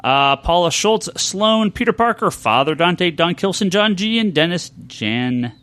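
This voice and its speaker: A man's voice: high voice, lively intonation, a little slow, a bit bright, clear, resonant tone. A man hosting a comics podcast in casual chat, reading a long list of backer names and stumbling over some of them. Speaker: podcast host.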